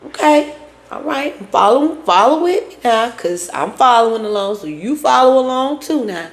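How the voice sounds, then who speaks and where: In an echoey room, a woman with a fairly high, animated voice casually recaps a reality show at a moderate pace. She acts out what each person said, playing both sides of the scenes, and now and then bursts into song.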